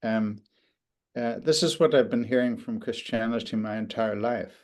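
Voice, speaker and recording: An older man speaks in a reflective interview, taking his time and often restarting his sentences. His voice is mid-pitched with a gravelly edge. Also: a little mellow. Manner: thoughtful, halting with frequent restarts and fillers. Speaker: interview guest, author.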